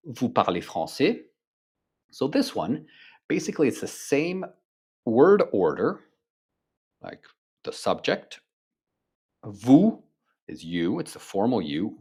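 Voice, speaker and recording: A man's voice: medium pitch, a little mellow. A man teaching an online lesson, enthusiastic and checking in with the learner often. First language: French. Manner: enthusiastic, switches between English and French, many "right?" check-ins. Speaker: French teacher.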